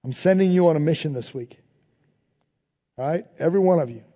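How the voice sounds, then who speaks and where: A man preaching with a high, mellow voice, moving between emphatic repeated refrains and quiet prayerful lines. The sound rings with long reverb in a big hall and comes through dull and lo-fi. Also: fairly quick. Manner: informal phrasing, dropping to soft prayerful tones. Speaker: pastor. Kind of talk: sermon.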